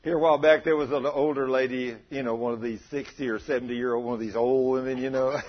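A man preaching a sermon, telling folksy stories with a chuckle in a husky voice. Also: mid-range voice, fairly even intonation, fast talker, dull audio.

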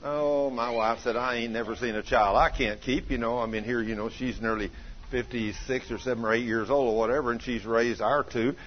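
A man's voice: mid-range voice, fairly even intonation, fairly quick, slight background noise. A man, preaching and telling a story, acting out each person's words in folksy talk. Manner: folksy, plays out dialogue in changing voices. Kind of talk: sermon storytelling. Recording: dull lo-fi recording.

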